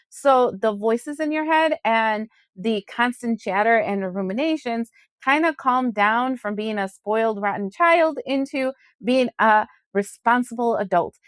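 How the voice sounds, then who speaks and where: A woman's voice: on the high side, no room sound, studio quality. A woman hosting an astrology channel, giving a frank, chatty daily forecast with mild swearing. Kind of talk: casual spoken astrology forecast.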